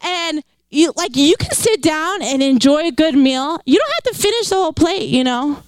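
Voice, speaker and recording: A young woman preaching a lively, conversational sermon, laughing often and talking with casual fillers. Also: high-pitched, moderate pace, dry recording, poor audio.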